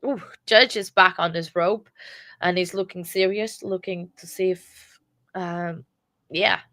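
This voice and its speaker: A sad woman close to tears, hosting a casual true crime live stream in a subdued, monotone way. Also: on the low side, unhurried, no echo. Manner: subdued, self-described monotone delivery. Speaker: true crime livestream host.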